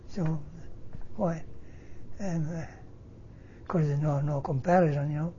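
An older man from Northern Italy, native Italian, speaking English with an Italian accent and halting, broken phrasing, telling his life story in an interview. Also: a little high, steady tone, warm tone, muffled recording, slight background noise. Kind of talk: oral history interview.

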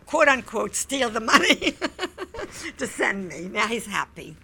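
An older woman, an interview guest, recounting memories in a reflective, halting way. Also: on the high side, sing-song, gravelly, bright, forceful tone, a little hiss or hum. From Wilmington, Delaware, US. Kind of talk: oral history recollection.

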